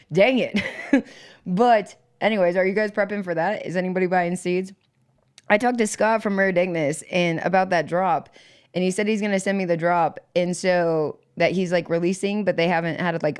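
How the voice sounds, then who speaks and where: A woman's voice: on the low side, smooth. A woman hosting a casual livestream, rambling with lots of fillers, laughing often and greeting viewers in the chat by name. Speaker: livestream host.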